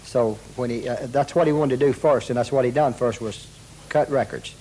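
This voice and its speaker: A man's voice: mid-range voice, normal speed, warm tone, slight background noise, poor audio. A man reminiscing in an interview, reflective, restarting his phrases with repeated words.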